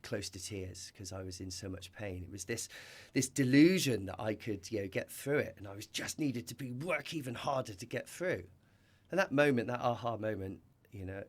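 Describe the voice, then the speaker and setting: Earnest, reflective man with a lowish voice. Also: normal speed. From Britain. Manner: earnest and reflective, with many restarts and "you know". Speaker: podcast guest. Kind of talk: storytelling in a conversational interview.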